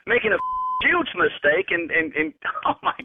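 A man's voice: high-pitched, very animated, normal speed, vocal fry, breathy edge. A man on a phone call who stammers and sounds exasperated and disbelieving. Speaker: prank call target. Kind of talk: phone conversation.

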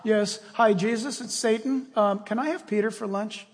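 A man's voice: high-pitched, steady tone, normal speed, slight background noise. A man voicing Satan as a falsely courteous, hesitant schemer asking for a victim. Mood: mock polite. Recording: long reverb of a large hall.

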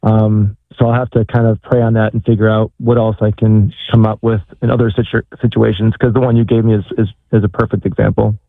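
A man's voice: fairly low pitch, level tone, fairly quick, gravelly, hardly any pauses, no echo. A man calling in with a question, speaking hesitantly and searching for words. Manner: hesitant, many fillers and restarts. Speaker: caller. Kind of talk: call-in question. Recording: tinny phone line.

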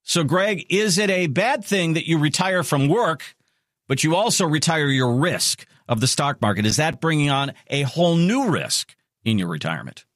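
A man hosting a financial radio show, talking in an animated, punchy way and repeating promotional plugs. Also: fairly high pitch, normal speed, no echo, studio quality. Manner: animated, punchy, leaning hard on repeated slogans.

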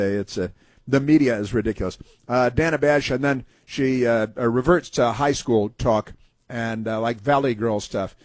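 A man's voice: medium pitch, darkish tone, slightly rough, no room sound. A man hosting a political talk radio show, sarcastic and mocking, rambling with many fillers and restarts.

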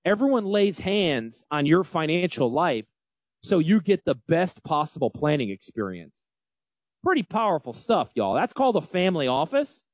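A man in his forties with a Northern US accent, hosting a casual financial talk radio show in an animated, emphatic and folksy way. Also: fairly high pitch, normal speed, dry recording. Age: 40s. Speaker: financial advisor radio host.

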